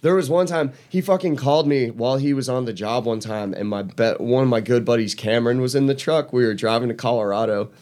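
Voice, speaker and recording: A man's voice: medium pitch, fairly quick, hardly any pauses, darkish tone. A man co-hosting a podcast, telling a crude story in casual banter and laughing through his punchlines. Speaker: podcast co-host.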